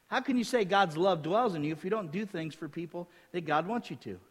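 A male pastor preaching a sermon, reading scripture aloud and acting out little dialogues in a lively, emphatic way. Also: high-pitched, a little fast, husky. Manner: animated preaching, quotes scripture, acts out dialogue. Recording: reverberant hall.

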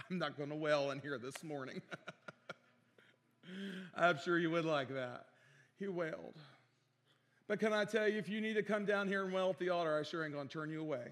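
Man, pastor, earnest repetitive preaching, bright voice, church reverb. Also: high-pitched. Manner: earnest preaching, repeats phrases for emphasis, calls for amens. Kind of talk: sermon. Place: church sanctuary. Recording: long hall reverb in a church.

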